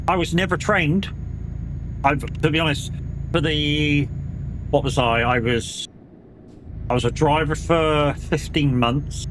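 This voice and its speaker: A man's voice: mid-range voice, a bit bright. British male streamer, mid-range voice, sweary rambling chat, light hiss under the voice. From United Kingdom. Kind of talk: casual chat while gaming.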